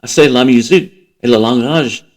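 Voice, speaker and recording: A man's voice: medium pitch, normal speed, recorded from a distance, voice pushed up, lightly acted. A man voicing a young, educated Frenchwoman with a heavy Parisian accent who questions and sprinkles in French words in a storybook reading. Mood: quizzical.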